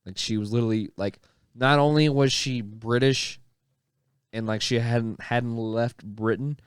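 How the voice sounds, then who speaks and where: Podcast bro, smooth clear voice, swears a lot, dry mic. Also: male voice, mid-range voice, unhurried, no room sound. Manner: excitable, swears a lot, trails off. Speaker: podcast co-host. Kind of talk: casual chat.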